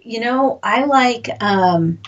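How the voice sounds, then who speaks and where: A woman's voice: fairly high pitch, lively intonation, slow. Chatty woman on lo-fi audio. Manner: chatty, giggly, rambling with restarts. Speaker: podcast host, skeptic. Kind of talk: casual chat. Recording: dull lo-fi audio.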